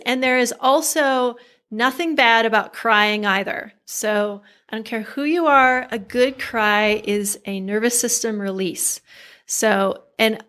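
A woman co-hosting a casual chat, calm and reassuring as she gives advice. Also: fairly high pitch.

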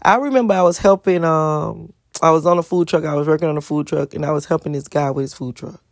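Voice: mid-range voice, fast, dry recording, clean studio sound. An adult vlogger with school-age kids, talking bluntly and profanely in a casual storytelling monologue, repeating words for emphasis.

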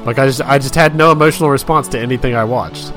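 A man's voice: mid-range voice, fast talker, a bit bright, soft background music. A man co-hosting a casual chat with dry, self-deprecating humor. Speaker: podcast co-host.

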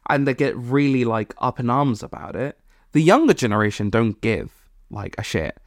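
A podcast co-host from Malawi chatting casually, rambling and quick to laugh. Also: medium pitch, very animated, no echo, studio quality. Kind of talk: casual chat.

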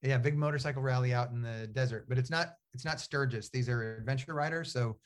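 A man's voice: medium pitch, brisk. Rambling storytelling man, many fillers. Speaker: author and guest. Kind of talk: casual interview conversation.

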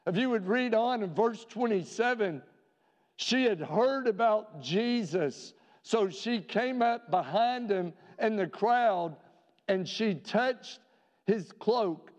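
Male pastor, fairly high voice, earnest sermon delivery, dull reverberant sanctuary sound. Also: lively intonation. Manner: earnest preaching with rhetorical questions, slowing for emphasis. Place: church sanctuary. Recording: dull reverberant church recording.

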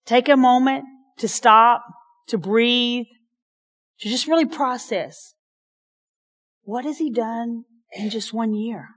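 A woman's voice: fairly high pitch, takes it slowly, long pauses. Passionate woman preaching a sermon. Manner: passionate, emphatic preaching with soft asides. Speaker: pastor.

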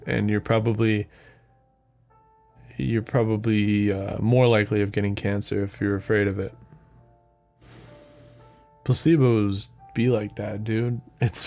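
A man's voice: mid-range voice, a little mellow. A young man hosting a solo podcast, rambling in a profane, offhand way and laughing at his own jokes. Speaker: podcast host. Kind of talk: casual solo podcast monologue.

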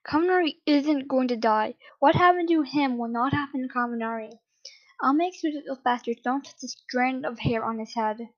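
A woman's voice: high voice, moderate pace, highs cut off, close to an everyday voice. A woman reading aloud, voicing a hot-tempered young man who defies his parents. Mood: defiant.

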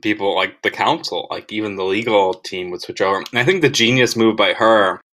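A young man with a bright, forceful edge to a low-set voice, chatting on a podcast. He piles up fillers and restarts but lands his opinions firmly. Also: rough recording. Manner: quick, filler-heavy, opinionated. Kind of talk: casual chat.

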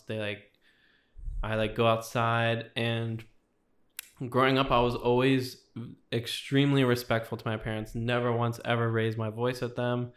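Young male guest, flat delivery, rambling testimony, heavy "like" fillers. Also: medium pitch. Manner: rambling, fills with 'like' constantly. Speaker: podcast guest. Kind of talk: casual testimony storytelling.

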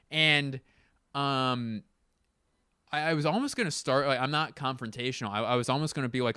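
A man's voice: medium pitch, fairly quick, a bit bright, clean tone, no echo, clean studio sound. A young adult man, a podcast host, at home telling a rambling, profane, self-mocking comedic story in casual monologue. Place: at home, in a bedroom.

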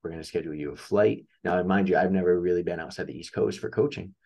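Very low-voiced man telling a story. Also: quick pace, vocal fry. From upstate New York. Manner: animated storyteller acting out quoted dialogue. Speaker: guest, track coach. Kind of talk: casual storytelling interview.

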